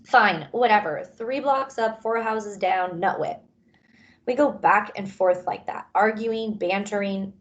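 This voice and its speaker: Expressive woman reading aloud. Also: highs cut off. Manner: expressive, raising pitch for characters' lines. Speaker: reader. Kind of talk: audiobook-style read-aloud.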